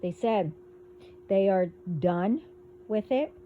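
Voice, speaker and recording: A woman hosting a casual spiritual monologue, talking in a rambling, halting way as she delivers warnings. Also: medium pitch, phone-quality sound, a little hiss or hum. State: hiccups. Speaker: spiritual video host.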